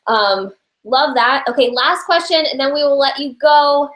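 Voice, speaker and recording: A woman's voice: high voice, moderate pace, a bit bright. A woman hosting a team call, asking friendly questions with lots of "um". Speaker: host. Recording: echoey room sound.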